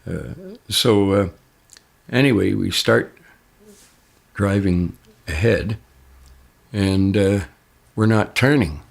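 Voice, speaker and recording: Low, gravelly older man telling a story. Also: slow, long pauses. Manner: raises his voice sharply when quoting others. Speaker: interviewee recounting an experience. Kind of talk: casual first-person storytelling.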